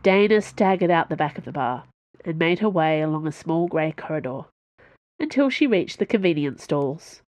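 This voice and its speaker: A woman's voice: low voice, lively intonation, normal speed, darkish tone, dry recording. A woman reading a novel aloud as an audiobook narrator, telling it steadily. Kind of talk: scripted narration.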